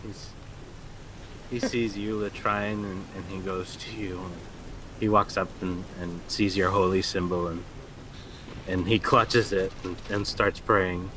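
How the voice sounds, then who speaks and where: A man's voice: low-pitched, steady tone, measured pace, noisy background. A man narrating as game master, with a loose, hesitant delivery full of restarts.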